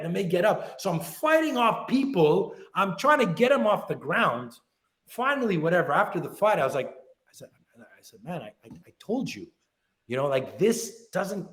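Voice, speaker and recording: A man's voice: sits high, roomy sound. A man working as a self-defense instructor, telling stories in an interview and acting out the dialogue in them. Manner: animated, acts out club stories with quoted dialogue. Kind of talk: interview storytelling.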